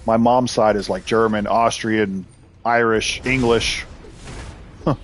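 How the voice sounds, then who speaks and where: A man's voice: on the low side, fairly even intonation, takes it slowly, faint music behind. A man hosting a live game stream, chatting casually with viewers, rambling and laughing often as he reacts to their messages. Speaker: live-stream gamer host.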